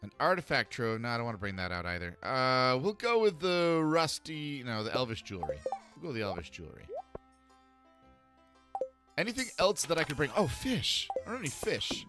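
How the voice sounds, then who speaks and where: A man's voice: mid-range voice, wildly swooping pitch, moderate pace, a bit bright, soft background music. A man casually thinking aloud while playing a farming game. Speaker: game streamer. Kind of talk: let's play commentary.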